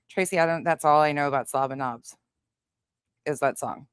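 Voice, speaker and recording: A woman's voice: sits low, expressive, normal speed, clear, resonant tone, no echo, clean studio sound. A woman hosting a casual livestream, greeting viewers by name and chatting bluntly with some swearing. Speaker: livestream host. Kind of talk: casual livestream chat reading comments.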